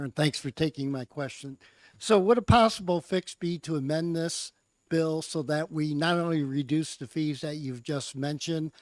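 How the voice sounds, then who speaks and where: A man's voice: a little high, a little mellow, no room sound. A man, a state representative, asking questions and chatting politely in a committee hearing. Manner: polite, chatty, many fillers.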